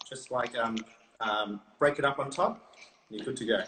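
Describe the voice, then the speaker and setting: A hesitant man, a guest in a casual live-stream chat, who fills his pauses with ums. His pitch is middling for a man, and there is a faint hiss behind him. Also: bright, forceful tone. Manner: hesitant, with fillers. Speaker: guest, product maker.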